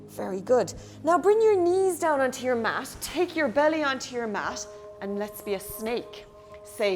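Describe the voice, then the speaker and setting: Bright high-voiced Irish woman teaching kids yoga. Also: sing-song, measured pace, soft background music. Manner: playful, encouraging, talks to the kids at home. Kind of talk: guided children's yoga class.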